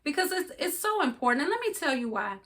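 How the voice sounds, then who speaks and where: Woman co-host, high bright voice, earnest motivational talk, laughs easily. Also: very animated, quick pace. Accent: regional accent. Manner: earnest, coaching, laughs often. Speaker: podcast co-host. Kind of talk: casual motivational chat.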